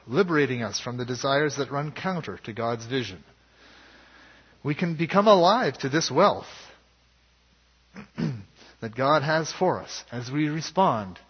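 A man preaching a sermon as pastor, in a measured and earnest way. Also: mid-range voice, husky. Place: church sanctuary. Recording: dull lo-fi sound with long hall reverb.

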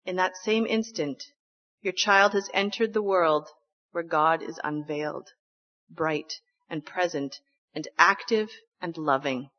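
A woman minister speaking in a measured, reflective way to her congregation. Her voice sits rather low. The recording sounds slightly dull. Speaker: minister leading the service. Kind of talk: sermon and service announcements.

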